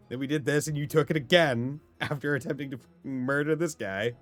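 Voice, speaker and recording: A man's voice: on the high side, normal speed, dry recording, soft background music. A young man giving sarcastic, mocking let's-play commentary, swearing as he goes. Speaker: streamer.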